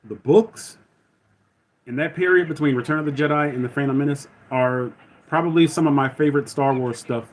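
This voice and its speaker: A man's voice: fairly high pitch, fairly quick, rough recording. A man hosting a live stream, chatting in a loose, rambling way and often correcting himself. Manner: rambling, self-correcting, conversational. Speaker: livestream host. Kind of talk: casual live-stream chat.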